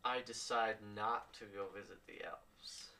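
A man's voice: fairly low pitch, level tone, measured pace, sharp tone. Laid-back male player, distant mic, faint hiss. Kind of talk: casual tabletop play. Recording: roomy, distant home mic with faint noise.

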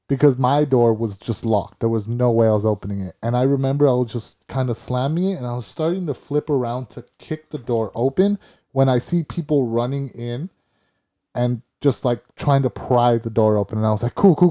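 A man telling a story in casual chat, animated and acting out other people's lines. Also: medium pitch, highs cut off. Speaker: storyteller recounting a car crash.

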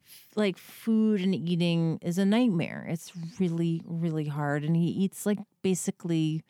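A woman's voice: fairly low pitch, a little slow, dark tone, no room sound, clean studio sound. Rambling, self-deprecating woman storyteller. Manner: rambling, self-deprecating, swears freely, acts out quotes. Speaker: podcast guest or co-host telling a story. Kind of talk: casual chat, storytelling.

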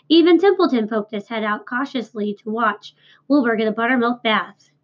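A woman reading a children's novel aloud with clear, expressive narration. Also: on the high side. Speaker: reader. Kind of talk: storybook read-aloud. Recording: dull lo-fi recording.

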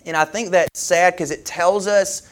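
A man delivering a sermon as pastor, his voice a little rough from a head cold, talking in a conversational way with pauses and fillers. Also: high voice, fairly even intonation.

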